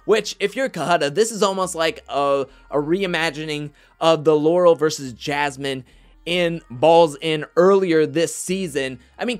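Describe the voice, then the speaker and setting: A man with a voice on the high side hosts a casual recap of a reality competition show, chatty and animated, often quoting others in mock voices.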